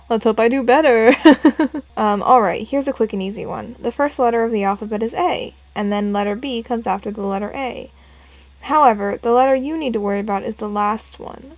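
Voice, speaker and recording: A woman's voice: fairly high pitch, vocal fry, no echo. A woman casually commenting and reading aloud while playing a puzzle game, chatty and self-deprecating. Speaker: gameplay narrator. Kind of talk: casual let's play commentary.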